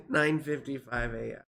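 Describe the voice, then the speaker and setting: A rumbling, low, creaky woman's voice with a fairly bright tone and slight background noise. She's an American astrologer in her forties doing live chart readings, goofy and rambling, chatting casually on a livestream. She swears freely and comes across tired, yawning, and a bit out of it.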